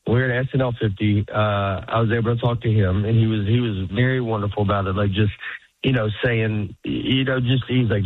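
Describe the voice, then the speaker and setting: A man's voice: fairly low pitch, fairly even intonation, brisk, no room sound, phone-quality sound. Comedian guy rambling in an interview, laughs a lot, thin phone-ish sound. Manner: rambling, laughs often, acts out quotes. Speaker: stand-up comedian, guest. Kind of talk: casual interview chat.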